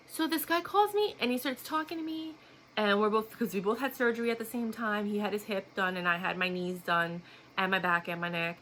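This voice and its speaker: A woman's voice: medium pitch, a little fast, bright, forceful tone, slight background noise. A woman vlogger telling a personal story in a blunt, outspoken way, laughing often. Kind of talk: casual storytelling to camera.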